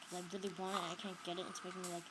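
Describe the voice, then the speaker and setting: A woman's voice: on the low side, little pitch movement, rapid-fire. Woman, casual gameplay commentary, jumpy, shrieks when startled, noisy homemade recording. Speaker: gamer narrating her play.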